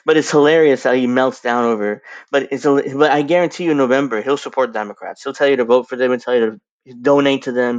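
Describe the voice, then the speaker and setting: A man's voice: mid-range voice, dry recording, lo-fi sound. A man giving casual, rambling reaction commentary on a clip, with frequent restarts. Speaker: video commentator.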